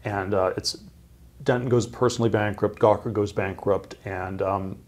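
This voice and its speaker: A middle-aged man telling a long story as an interview guest, halting, with many fillers and restarts. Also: lowish voice, fairly even intonation, a little mellow.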